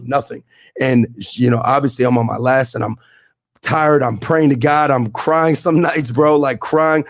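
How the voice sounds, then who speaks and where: A young man, a real estate investor appearing as a podcast guest, tells his story and explains his deals in fast, emphatic street slang. His mid-range voice is recorded cleanly in a studio with no echo.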